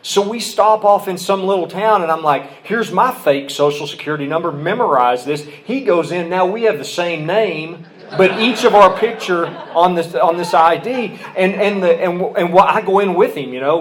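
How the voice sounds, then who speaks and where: A man's voice: sits high, moderate pace. A man from Oklahoma telling his story at a recovery meeting, candid and self-deprecating with humor, at a podium mic. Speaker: AA speaker.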